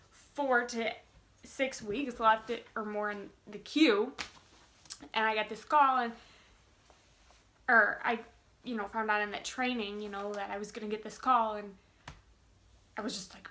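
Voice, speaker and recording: A woman's voice: on the high side, steady tone, normal speed, pushed and bright. A young woman in her twenties chatting to camera, bubbly and giddy, with lots of fillers and restarts. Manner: bubbly, gushing, many fillers. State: giddy with excitement. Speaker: vlogger. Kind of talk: casual chat to camera.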